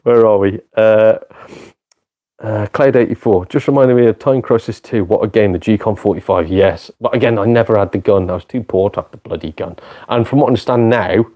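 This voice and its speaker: Male streamer, laid-back low voice, cheeky and self-mocking with a lot of laughs. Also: fairly quick, warm tone. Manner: chatty, self-deprecating, swears, laughs often. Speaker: gaming live streamer and part-time comedian. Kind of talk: casual live stream chat with viewers.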